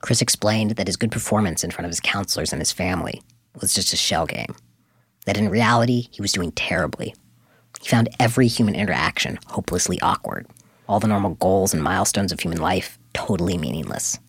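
Husky low male radio narrator. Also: fairly bright tone, no room sound, clean studio sound. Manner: measured, dramatic storytelling. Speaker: show host and narrator.

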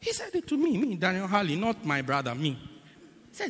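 Animated preacher. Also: male voice, high voice, a little fast, husky. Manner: animated, builds to loud emphatic bursts with repeated phrases. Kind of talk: sermon. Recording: long hall reverb.

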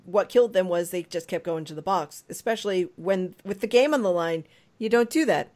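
A woman's voice: lowish voice, expressive, a little mellow. A woman co-hosting a casual sports podcast, chatty and emphatic as she recaps a game. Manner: chatty and emphatic, quick laughs. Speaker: podcast co-host.

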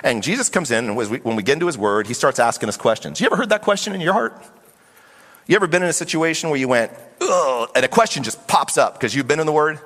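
Middle-aged pastor preaching, super lively voice, big church echo. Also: male voice, fairly high pitch, fast talker. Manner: animated, acts out voices of Bible figures. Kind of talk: sermon. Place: church sanctuary. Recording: long hall reverb.

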